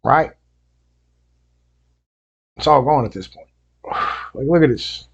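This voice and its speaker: An Appalachian man hosts a music reaction video, his mid-range voice husky and animated though he takes his time, with the highs cut off. He rants profanely and rambles, packed with fillers like "you know what I mean," getting more heated and louder as he goes.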